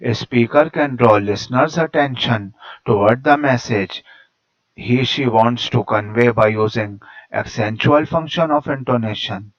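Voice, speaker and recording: This man reads a teaching lesson aloud at a steady, measured pace. His voice sits at a middle pitch for a man. The recording is dull and lo-fi. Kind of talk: read-aloud lecture narration.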